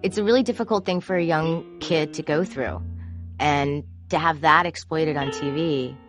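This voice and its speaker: Candid woman with a low voice. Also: moderate pace, faint music behind. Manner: candid, confessional, animated when quoting herself. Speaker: court show producer. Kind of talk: personal storytelling.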